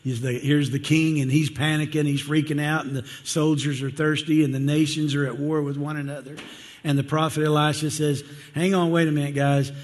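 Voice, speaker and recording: A man's voice: a little high, level tone, a little fast. A male pastor giving a sermon in a conversational, earnest way, often asking the congregation questions. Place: church sanctuary. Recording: long church-hall reverb.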